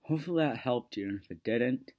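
A man's voice: mid-range voice, lively intonation, quick pace, a little mellow. A man casually teaching how to do a movie voice impression, chatty and self-deprecating. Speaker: video maker teaching a voice impression. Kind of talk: casual tutorial.

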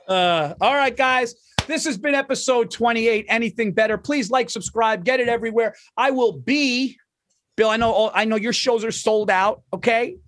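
A man co-hosting a comedy podcast in casual banter, talking fast and swearing freely while plugging his tour dates. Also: very high-pitched, a bit bright.

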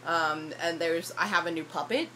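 A young woman rants into her phone in a rambling, self-deprecating way, her voice worn hoarse from a night of shouting. She speaks on the low side for a woman, and heavy noise sits under the recording. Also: moderate pace. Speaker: YouTuber. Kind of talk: casual vlog rant. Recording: loud background noise.

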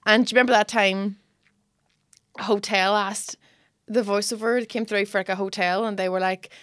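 A woman with a Northern Irish accent, a comedian co-hosting a casual podcast, telling animated stories and slipping into impressions. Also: mid-range voice, moderate pace, clear, resonant tone, no room sound, clean studio sound. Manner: animated storyteller, mimics and laughs.

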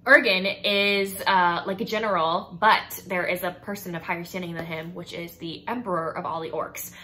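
Young woman, casual vlog chat, enthusiastic, lots of fillers, quick voiced asides. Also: fairly low pitch, a little hiss or hum. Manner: gushing, filler-heavy, bursts of excitement; mimics characters' lines in quick asides. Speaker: book reviewer. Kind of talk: casual chatty book recommendations.

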